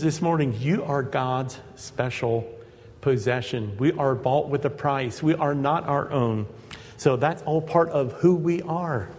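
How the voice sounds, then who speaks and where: A man's voice: mid-range voice, darkish tone, big-room sound. A man preaching a sermon to his congregation in an earnest manner, building to emphatic peaks.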